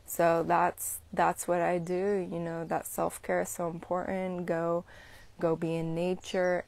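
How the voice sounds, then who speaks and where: A young woman who practices Reiki hosts a live stream, chatting casually to viewers about energy healing. Her voice is fairly low with vocal fry, and she rambles with plenty of "you know" and "like."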